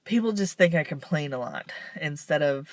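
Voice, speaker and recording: Speaking to camera with no room sound, this woman has a low, expressive voice and talks at a normal speed. She's a vlogger giving a casual confessional, rambling and candid, and she laughs wearily at herself.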